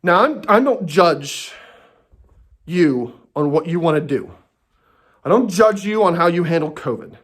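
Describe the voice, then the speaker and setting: A man's voice: a little high, expressive, unhurried, long pauses, a bit bright. A man delivering an angry, profane and sarcastic comedy rant from home, talking to himself and breaking off mid-thought. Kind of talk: ranting comedy monologue.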